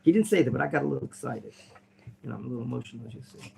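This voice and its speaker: Animated gravelly rabbi teaching a class. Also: male voice, mid-range voice, rapid-fire. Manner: animated, questioning the class, bursts of theatrical excitement. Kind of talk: interactive Bible lesson. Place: classroom at a yeshiva.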